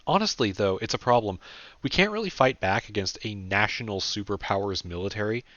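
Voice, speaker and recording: A man's voice: on the low side, animated, a little fast, fairly bright tone, no echo. A man voicing a candid young man who rambles casually and swears freely, in an audiobook. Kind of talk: audiobook character voice. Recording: dull dry lo-fi recording.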